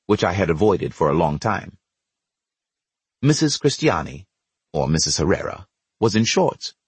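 A man narrates an audiobook in a measured, wry storytelling manner. His husky voice moves up and down with lively pitch, recorded dry and close. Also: no room sound.

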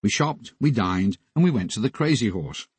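A man narrating his memoir as an audiobook, with wry, deadpan comic asides. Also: fairly low pitch, moderate pace, breathy edge, no echo.

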